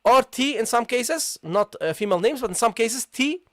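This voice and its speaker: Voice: medium pitch, expressive, moderate pace, no echo, clean studio sound. A patient language teacher giving a live online lesson, repeating key points and checking in with the class. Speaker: Arabic teacher.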